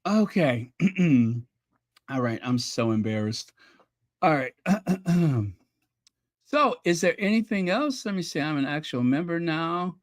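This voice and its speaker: A man's voice: fairly high pitch, lively intonation, takes it slowly, dry recording, studio quality. A man hosting a casual livestream, reading viewers' messages aloud in a chatty, apologetic way and laughing nervously. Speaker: channel host reading live chat.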